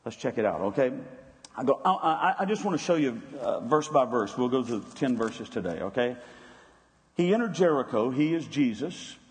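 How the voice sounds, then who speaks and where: A man's voice: medium pitch, very animated, normal speed. A man preaching a sermon in a conversational storytelling way, with restarts and asides. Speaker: pastor. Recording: long reverb.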